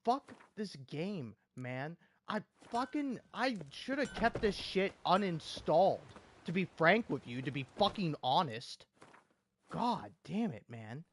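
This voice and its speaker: A man rants in exasperation about a video game, cursing and repeating words over and over. His pitch sits a bit high and leaps wildly between outbursts and mutters. He drags his words out slowly. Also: big pitch swings, slight background noise. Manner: profane, repetitive, exasperated ranting. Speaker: gaming video creator. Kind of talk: angry gaming rant.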